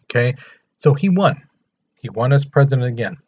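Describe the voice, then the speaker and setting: A man's voice: mid-range voice, moderate pace, husky, dull audio. Casual man teaching history. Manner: casual, acts out countries' quotes in a lively voice. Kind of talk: informal recorded history lecture.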